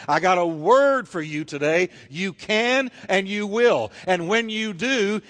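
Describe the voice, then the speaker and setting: A man's voice: high-pitched, a bit bright. A man preaching a fervent sermon, driving his points home with repeated rhetorical questions.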